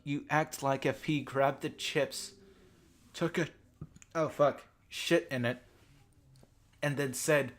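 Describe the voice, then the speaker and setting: A man giving a profane, rambling rant as a YouTube commentator. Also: a little high. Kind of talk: ranting commentary.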